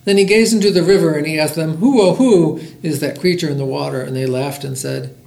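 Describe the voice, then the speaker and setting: A middle-aged man hosting a library podcast, reading a picture book aloud with lively voiced characters. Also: on the high side, fairly quick, gravelly, roomy sound.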